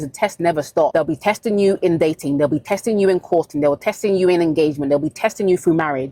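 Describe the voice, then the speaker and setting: A woman's voice: on the low side, darkish tone, dry recording. A woman giving blunt dating advice in a vlog monologue, stressing her points and repeating them for emphasis.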